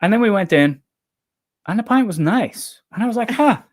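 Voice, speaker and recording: A man's voice: sits high, moderate pace. Irish guy from dublin, livestream chat, lots of laughing, swears a bit. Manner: lively storytelling, laughs often, swears casually. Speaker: book channel co-host.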